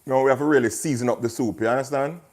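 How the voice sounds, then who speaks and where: This man has a medium-pitched, darkish voice and talks very fast. He's a chef hosting a casual cooking livestream from his kitchen, chatting with viewers by name as he cooks and plugging his cookbook.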